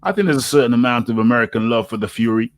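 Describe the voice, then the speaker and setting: A British man hosting a casual boxing chat, animated and laughing often, repeating his words as he goes. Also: mid-range voice, rapid-fire. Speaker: host.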